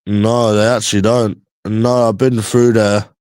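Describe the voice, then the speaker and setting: A man's voice: fairly low pitch, level tone, measured pace, darkish tone, smooth, no room sound. A young man from East London, with its accent, chatting casually with viewers in a slangy, rambling way that often repeats itself. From East London, England. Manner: slangy, repeats himself, loose rambling talk. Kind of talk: casual chat.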